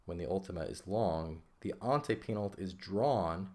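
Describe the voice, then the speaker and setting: A man with a very low voice explains a lesson step by step. He is patient and keeps checking in with his listeners as he goes. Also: normal speed, a little mellow. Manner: patient, checks in with frequent "okay?" and "right?". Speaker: teacher. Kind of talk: classroom explanation of a textbook.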